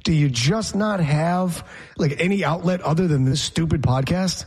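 A man's voice: fairly high pitch, moderate pace, darkish tone, slightly rough. A man co-hosting a podcast in casual chat, blunt and sarcastic, ranting about people's habits. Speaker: podcast co-host.

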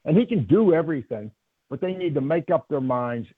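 A man's voice: on the high side, animated, a little fast, husky, no room sound. A man who is a former football coach, calling into a radio show as a guest and talking in a rambling, folksy way with many fillers. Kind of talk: phone-in radio interview. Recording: tinny phone line.

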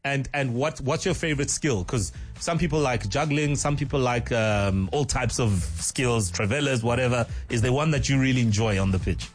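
A man's voice: mid-range voice, moderate pace, hardly any pauses, soft background music. A young adult man hosting a casual interview, upbeat and encouraging, laughing often. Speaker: radio host.

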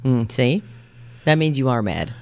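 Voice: medium pitch, expressive, unhurried. A radio morning show co-host making teasing quips and laughing during banter.

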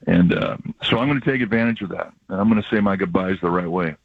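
An older man with a husky, somewhat low voice talks in a reflective, rambling way, telling stories as a radio regular. The sound is dry and dull, like a lo-fi radio broadcast. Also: quick pace, no room sound. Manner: reflective, rambling storyteller with laughs. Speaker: baseball broadcaster, regular guest. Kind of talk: emotional casual radio chat.

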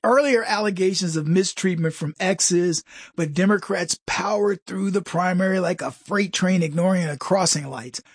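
A middle-aged man delivering a comedic political monologue, mocking and jokey, with quick asides and mimicked voices. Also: high-pitched, breathy edge, no room sound, studio quality. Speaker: commentary host.

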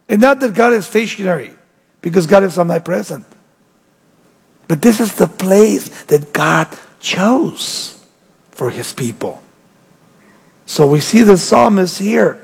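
A man's voice: high-pitched, moderate pace, gravelly. A man preaching a sermon as pastor, with emphatic delivery that rises and falls. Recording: long hall reverb.

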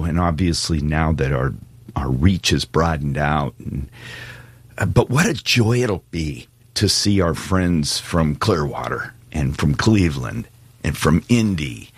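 Deep husky-voiced male radio host. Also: sing-song, a little slow, dry recording. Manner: jovial, laughs often, teasing. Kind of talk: casual on-air chat.

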